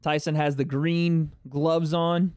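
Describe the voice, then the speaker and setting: A man hosting a live fight reaction stream, excitable and chatty, talking to his chat viewers. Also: on the high side, slow pace, clear, resonant tone, no room sound, studio quality. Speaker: livestream host.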